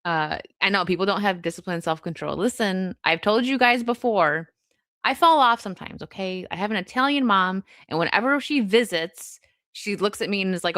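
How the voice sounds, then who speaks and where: A young woman hosting a live stream, reading chat and chatting casually, laughing often with quick asides. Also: medium pitch, lively intonation, a bit bright, dry recording, studio quality.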